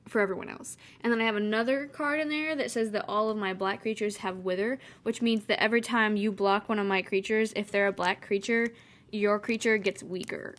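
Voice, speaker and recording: A woman in her twenties rambling casually through a painting vlog voice-over, chatty and wry, with sarcastic asides. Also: medium pitch. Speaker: vlogger.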